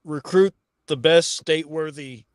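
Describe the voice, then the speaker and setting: A man's voice: a little high, unhurried, smooth, no echo. A man playing in a tabletop game, hesitant and wry. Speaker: player. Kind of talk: casual tabletop play.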